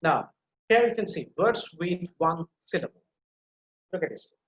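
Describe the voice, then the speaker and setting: A man's voice: high-pitched, reverberant, dull audio. Bangladeshi man teaching pronunciation. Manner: repeats words slowly for drill, explanatory. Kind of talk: online lecture over slides.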